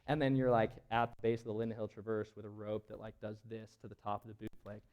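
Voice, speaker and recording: Speaking quickly in a fairly low, level voice with a darkish tone, this man from a search and rescue team rambles through a story during a live auditorium presentation at a public event. He uses lots of fillers and restarts, and the recording has its highs cut off.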